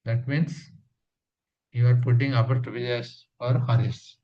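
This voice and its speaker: A man's voice: medium pitch, steady tone. A man teaching English punctuation in class, repeating example sentences and spelling out each rule. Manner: slow, repeats examples, gives plain rules. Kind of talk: classroom grammar lesson. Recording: dull lo-fi sound.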